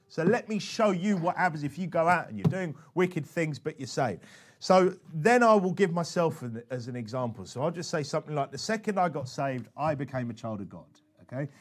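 A man giving an animated, conversational teaching talk as a preacher, often restarting his sentences. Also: on the high side. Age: adult father. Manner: animated and chatty, with frequent restarts. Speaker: preacher teaching soul-winning.

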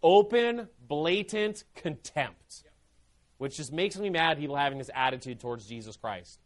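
A man preaching with a notably high-pitched voice. His delivery is fervent and emphatic, the way a sermon is delivered from the pulpit. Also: expressive, unhurried.

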